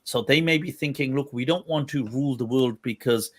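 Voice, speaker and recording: A man's voice: medium pitch, fairly quick, noisy background. A man hosting a livestream discussion, thinking aloud in a meandering way, with many restarts. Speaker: Islamic scholar, livestream host.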